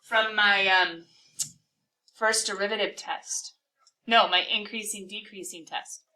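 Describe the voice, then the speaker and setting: A woman teaching a calculus class, talking through a problem and firing quick questions at her students. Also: medium pitch, fairly even intonation, sharp tone, far from the mic, low-quality recording. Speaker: math teacher.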